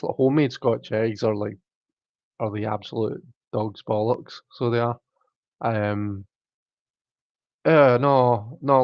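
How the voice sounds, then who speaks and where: A man's voice: mid-range voice, gravelly, no echo, muffled recording. A man with a British accent hosting a live stream, casually reading viewer comments aloud and chatting back in a self-mocking way. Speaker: livestream host.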